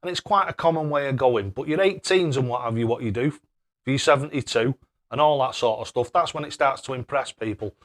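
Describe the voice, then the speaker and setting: A man's voice: medium pitch, brisk. A young man hosting a live stream, chatting casually and thanking viewers by name. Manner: cheery, excitable.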